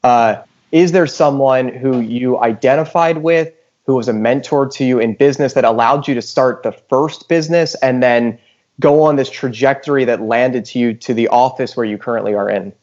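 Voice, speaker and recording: A man's voice: medium pitch, moderate pace, a little mellow. A man co-hosting a podcast, asking long, rambling questions in casual chat. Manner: rambling, restarts his questions. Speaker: podcast co-host. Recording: dull lo-fi audio.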